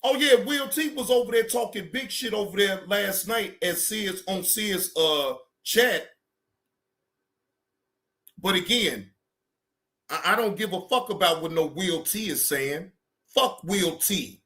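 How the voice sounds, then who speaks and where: Male streamer, high-pitched and tense, swearing and venting, then reining it in. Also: unhurried. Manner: heated, repetitive, keeps telling himself to calm down. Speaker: livestream reaction host. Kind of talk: profane livestream rant.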